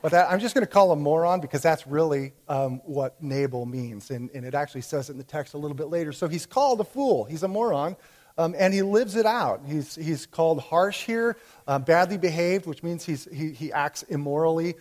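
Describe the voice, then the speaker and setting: A man's voice: on the high side, animated, brisk, a little mellow. A man preaching a sermon in a conversational way, with fillers and restarts as he explains a Bible story. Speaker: pastor.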